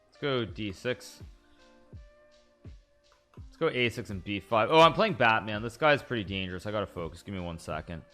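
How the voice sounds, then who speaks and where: Guy streaming chess, lowish bright voice, rambles, rattles off quick thank-yous to subs. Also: soft background music. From United States. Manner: chatty and rambling, thinks aloud about moves, quick thank-yous to subscribers. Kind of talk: live-stream chess commentary and chat.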